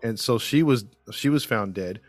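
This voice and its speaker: A man of middle pitch tells a case in a loose, rambling way, full of fillers and restarts. His voice is recorded dry and close. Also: normal speed, no room sound, soft background music. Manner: rambling, filler-heavy storytelling. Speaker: podcast host and case narrator. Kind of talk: casual true crime chat.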